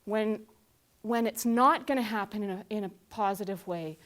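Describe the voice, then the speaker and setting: A woman in her forties giving a lively, conversational talk, asking the audience questions and acting out scenes. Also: mid-range voice, moderate pace. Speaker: conference speaker.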